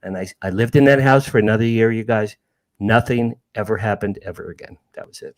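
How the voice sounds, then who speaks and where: A man's voice: on the low side, steady tone, a little fast. A man in his sixties telling a personal ghost story with emphasis, repeating key phrases and calling his listeners "you guys.". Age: 60s. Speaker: guest storyteller, network host.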